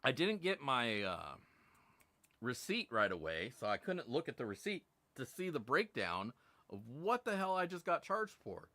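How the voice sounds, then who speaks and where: A middle-aged man rants on a live stream with a bright, forceful voice, and his pitch swings widely as he tells the story. He swears freely and sounds exasperated. The sound is dry and close. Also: big pitch swings, normal speed, dry recording. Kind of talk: casual ranting live stream.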